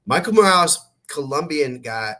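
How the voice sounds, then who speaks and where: Brash, profane sports podcast host. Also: male voice, a little high, animated, a bit bright. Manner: brash, profane, fast-talking. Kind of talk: casual sports chat.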